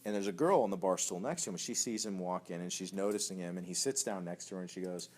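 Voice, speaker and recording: A man preaching as a young adults pastor, telling stories in a chatty, animated way with laughter. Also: sits low, fast talker. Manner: conversational, animated storytelling with laughs and acted voices. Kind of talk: sermon teaching.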